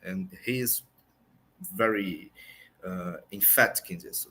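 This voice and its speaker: A man gives earnest political commentary in a low, husky voice. He speaks carefully and pauses often to search for his words in English. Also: lively intonation, fairly bright tone. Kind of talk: online political discussion.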